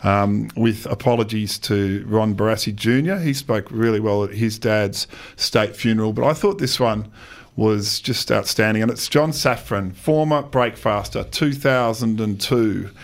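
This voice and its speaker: A man talks about speeches in a radio studio, his voice a little low. He is chatty and loose, restarting phrases and laughing between points. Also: a little slow. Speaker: speech-site founder, radio guest. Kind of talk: casual radio chat.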